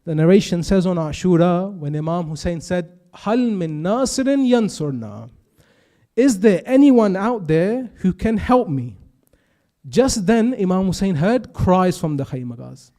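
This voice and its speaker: A man with a British accent delivering a mournful religious sermon, telling the story with quoted dialogue and slow, pleading emphasis. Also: high-pitched, lively intonation, mellow. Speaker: majlis speaker.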